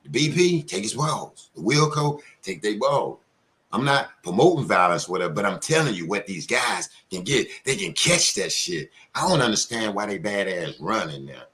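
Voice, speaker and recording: A man's voice: lowish voice, moderate pace. Angry profane man ranting on a live show. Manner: angry, profane, animated, mocking with put-on quotes. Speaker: commentary show host. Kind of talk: heated live commentary rant.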